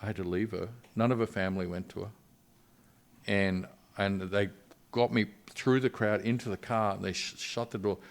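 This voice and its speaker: Middle-aged male missionary guest with a deep, low voice; earnest, halting storytelling. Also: steady tone. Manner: earnest, halting retelling with frequent restarts. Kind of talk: personal storytelling in a podcast interview.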